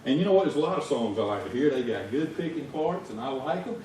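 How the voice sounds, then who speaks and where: Animated and fast-talking, a Southern US man with a mid-range voice preaches as a lay preacher. His folksy, conversational delivery rises to shouts in his stories. The sound is an echoey church sanctuary heard from far off, with slight background noise.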